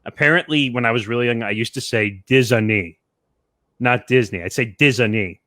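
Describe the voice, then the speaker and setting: A man co-hosting a casual podcast chat, relaxed and easygoing as he shares stories. His voice sits at a middle pitch, and the recording is dry and close. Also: brisk, dry recording. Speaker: co-host.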